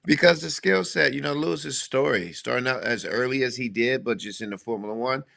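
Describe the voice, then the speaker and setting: A man's voice: mid-range voice, a little fast, gravelly, pushed and bright. A man co-hosting a casual sports podcast, confident and emphatic, repeating his points. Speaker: podcast co-host. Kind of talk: casual chat.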